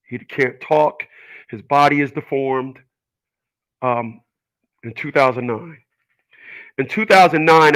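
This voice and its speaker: Bright-voiced man preaching to viewers. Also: medium pitch, poor audio. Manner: earnest, emphatic, preachy. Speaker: channel host. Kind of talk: personal monologue to viewers.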